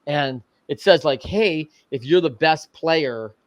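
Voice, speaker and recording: A middle-aged man telling a story as a podcast guest, animated and casual, often adding "man" and "right". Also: on the high side, slow, no room sound. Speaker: podcast guest, coach and entrepreneur. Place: podcast studio.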